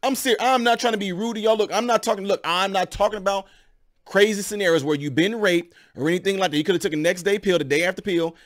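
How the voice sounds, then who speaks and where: Heated, rambling man with a higher voice. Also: quick pace. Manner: animated, rambling, addresses viewers as y'all. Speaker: commentary channel host. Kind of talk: heated opinion commentary.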